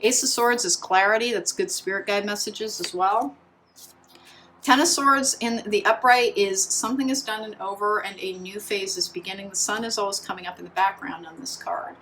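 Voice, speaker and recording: Woman tarot reader, mid pitch, rambling and chatty, faint room noise behind. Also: normal speed, bright, forceful tone, poor audio. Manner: chatty, meandering, full of "like" and restarts. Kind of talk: pick-a-card tarot reading.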